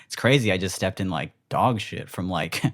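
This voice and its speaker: A man's voice: deep voice, expressive, normal speed, a bit bright. A man co-hosting a podcast, talking in a rambling, giggly way with frequent swearing. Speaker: podcast co-host. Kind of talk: casual comedic chat.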